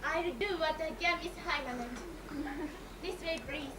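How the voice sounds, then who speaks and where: A woman playing a prim, dismissive receptionist in an amateur stage comedy, crisp and formal. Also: sits high, measured pace. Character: cool, prim female receptionist. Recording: echoey hall, far mic, hiss.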